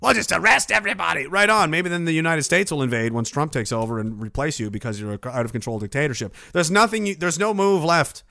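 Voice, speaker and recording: A middle-aged man hosts a casual livestream and reads out his viewers' messages. He answers them with sarcastic, ranting asides and swears freely. His voice sits a little high for a man, and the recording is dry and close. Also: expressive, quick pace, few pauses, a bit bright, no room sound. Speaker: livestream host reading viewer donations.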